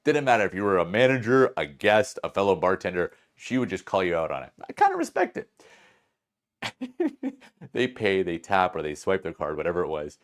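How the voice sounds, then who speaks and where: A man's voice: low voice, sing-song, fairly quick. Rambling man telling a story. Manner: rambling with many fillers, restarts and laughs. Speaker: podcast host. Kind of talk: casual storytelling.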